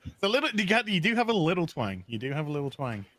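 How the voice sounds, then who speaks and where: A man's voice: fairly high pitch, fast, slight background noise. A man with a New Zealand accent, chatting and joking as a guest on a livestream call. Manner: joking, teasing, lively. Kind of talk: casual chat.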